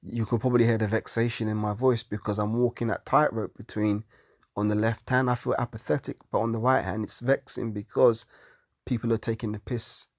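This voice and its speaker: A man's voice: on the low side, steady tone, a little fast, dry recording, studio quality. A man giving a heated, profane monologue on religion, sounding exasperated. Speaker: religious commentator.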